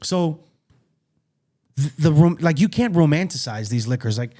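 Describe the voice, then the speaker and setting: A man co-hosting a podcast, chatting in a blunt, animated way and swearing freely. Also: fairly high pitch, moderate pace. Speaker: podcast co-host. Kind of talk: casual chat. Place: studio.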